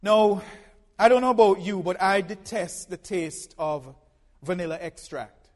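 A man preaching a sermon from the pulpit, folksy and humorous, swinging from soft asides to loud emphatic lines. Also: sits high, in a large hall. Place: church pulpit.

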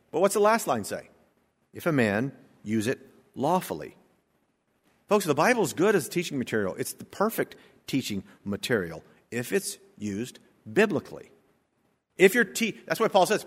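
A man preaching a sermon as pastor, emphatic, building to loud stressed peaks. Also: medium pitch. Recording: long hall reverb.

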